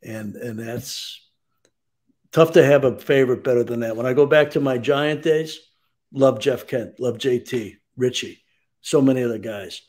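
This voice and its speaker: Older man, measured storytelling. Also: medium pitch, darkish tone. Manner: measured storyteller, frequent "um" and "you know". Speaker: baseball executive guest. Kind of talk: sports radio interview.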